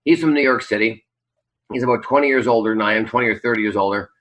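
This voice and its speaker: A man's voice: mid-range voice, quick pace, a bit bright, low-quality recording. A man from Canada, a Las Vegas magician, reflecting in a rambling way with many fillers in a casual interview.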